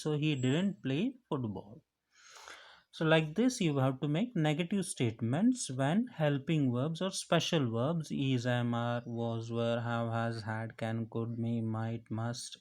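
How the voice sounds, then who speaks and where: A man's voice: a little high, a little mellow. A man teaching a grammar lesson, explaining each step patiently and repeating the key phrases. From India.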